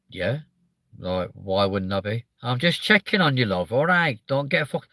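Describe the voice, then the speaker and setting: A man's voice: medium pitch, moderate pace, no room sound. Hyper, swearing southern English man. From southern England. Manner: hyper, animated, swears a lot. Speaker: live stream host. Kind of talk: casual live-stream chat, reading viewer comments.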